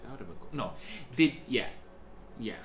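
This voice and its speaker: A woman's voice: very deep voice, normal speed, crowd noise. A woman co-hosting a podcast, chatting casually and trailing off as she hedges. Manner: lively, chatty, trails off with hedging. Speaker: podcast co-host. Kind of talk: casual chat. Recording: echoey room recording.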